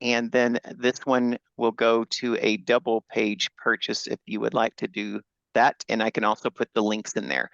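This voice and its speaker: Gravelly man hosting a video call. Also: medium pitch, fairly even intonation, moderate pace, fairly bright tone, no room sound. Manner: enthusiastic, rambling, fillers. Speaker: host of a book launch. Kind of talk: Zoom presentation. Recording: dull lo-fi video call audio.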